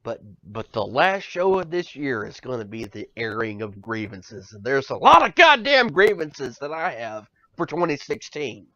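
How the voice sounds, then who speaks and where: A man's voice: medium pitch, sing-song, moderate pace, hardly any pauses, bright, forceful tone, no room sound. A man co-hosting a podcast in casual banter, ranting with profanity and stammering repeats. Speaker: podcast co-host. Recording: dull lo-fi sound, dry.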